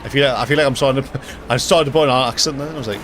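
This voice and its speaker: A young man streaming a racing game live, joking and talking to himself with excitable reactions. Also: medium pitch, rapid-fire. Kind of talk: live gaming commentary. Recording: loud game music behind voice. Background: racing game music and engine sounds.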